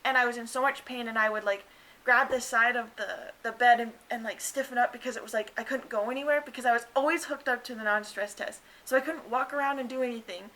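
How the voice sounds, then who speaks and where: A woman's voice: fast talker, bright, forceful tone, rough recording. A young woman in her twenties telling her birth story in a chatty way, full of fillers, acting out what people said. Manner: chatty, many "like" fillers, acts out quotes in higher voice. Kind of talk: casual storytelling to camera.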